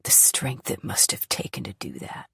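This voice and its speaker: A woman reading the part of a frail, sick middle-aged woman who tells her story in a weak, halting, tearful way. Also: bright, forceful tone, no room sound, studio quality, close to an everyday voice. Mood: grieving. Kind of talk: audiobook character voice.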